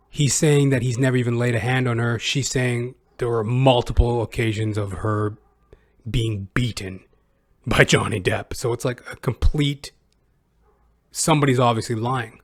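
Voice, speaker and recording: A male podcast host giving rambling, sarcastic commentary. He talks casually with plenty of profanity and filler. His pitch sits in a middling range. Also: steady tone, unhurried, pauses often.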